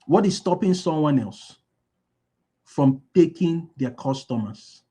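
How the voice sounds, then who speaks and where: A man's voice: on the high side, expressive, slow pace, dark tone, slightly rough. A man giving a motivational business talk, repeating key lines and asking his listeners to fill in the answers. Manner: asks the audience call-and-response questions. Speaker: business speaker.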